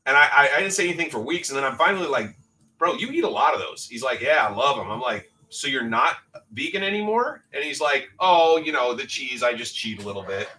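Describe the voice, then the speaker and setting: A man's voice: medium pitch, animated, fast, bright, forceful tone, recorded from a distance, a little hiss or hum, poor audio. A middle-aged man telling a story in a loose, joking, casual way, swearing now and then as host of a livestream. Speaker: livestream card-break host.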